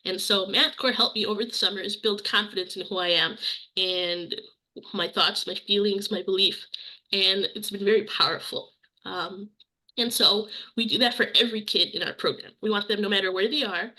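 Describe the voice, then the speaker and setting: A woman's voice: medium pitch, bright, forceful tone, low-quality recording. A young adult woman giving an earnest webinar presentation about her program, speaking personally and repeating key phrases. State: briefly emotional.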